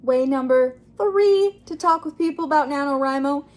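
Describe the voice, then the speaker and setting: A woman's voice: high-pitched, normal speed. A young woman vlogging about writing in a bubbly, chatty way, acting out little quoted exchanges. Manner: bubbly, acts out quoted voices. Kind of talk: casual talk to camera.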